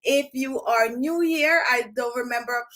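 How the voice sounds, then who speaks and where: A woman's voice: high-pitched, measured pace, a bit bright. A woman hosting a live skincare stream from home, chatting directly to her viewers. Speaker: skincare channel host.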